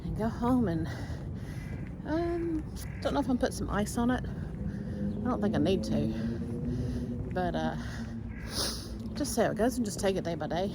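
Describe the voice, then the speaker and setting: A woman's voice: mid-range voice, lively intonation, a little slow, long pauses, very noisy. A woman in her forties talking candidly in a personal vlog, rambling with many fillers. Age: 40s. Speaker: vlogger.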